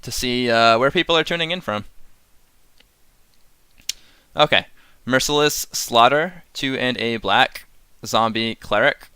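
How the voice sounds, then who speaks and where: Male streamer, rambling and chatty, with a bright forceful tone and a dry close sound. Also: medium pitch, smooth, no room sound. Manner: rambling, chuckles often, chats with viewers. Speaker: streamer reviewing game cards. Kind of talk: casual live-stream commentary.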